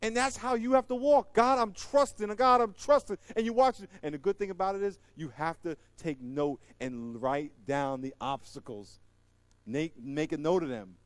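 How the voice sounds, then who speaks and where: A middle-aged male pastor preaching a sermon. He swings between loud, high exhortation and hushed closing prayer. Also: lively intonation, moderate pace, no room sound.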